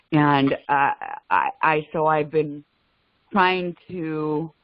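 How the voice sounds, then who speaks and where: A woman on a group video call, speaking earnestly with frequent laughs and halting restarts. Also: low voice, no echo. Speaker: call participant. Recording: slightly muffled call audio.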